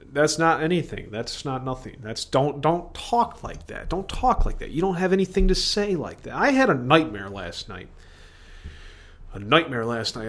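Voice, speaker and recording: A man's voice: mid-range voice, a bit bright. A man hosting his own podcast, talking alone in a rambling, digressive stream of consciousness that keeps breaking off and restarting. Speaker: podcast host. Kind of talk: rambling solo monologue.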